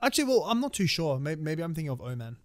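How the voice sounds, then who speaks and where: A man's voice: on the high side, very animated, fast. Young man swearing in casual chat. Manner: swears freely, laughs often. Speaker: podcast co-host.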